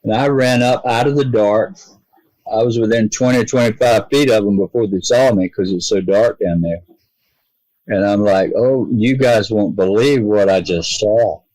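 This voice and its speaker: A middle-aged man from the United States, a podcast guest telling a long personal story in an earnest, halting way, voicing the people in it. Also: fairly low pitch, darkish tone, no room sound, poor audio.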